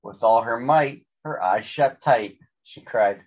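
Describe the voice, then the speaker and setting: A man voicing a young male cat, the big brother who narrates a rhyming storybook in a steady reading voice. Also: mid-range voice, takes it slowly, dull audio. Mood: calm.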